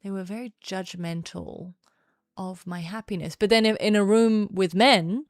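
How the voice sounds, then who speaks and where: A young adult woman streaming casual chat, playful and sing-songy, sometimes dropping into a lower, serious tone. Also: animated, measured pace, no echo, clean studio sound. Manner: sing-songy, chatty, shifts between playful and low serious tone.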